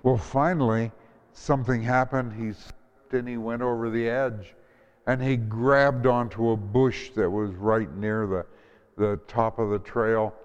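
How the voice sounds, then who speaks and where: A male pastor giving a gentle sermon, with prayerful pauses and restarts, recorded in a church with a dull sound and a long hall echo. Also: medium pitch, steady tone, clean tone. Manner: gentle, prayerful delivery with frequent ums and restarts.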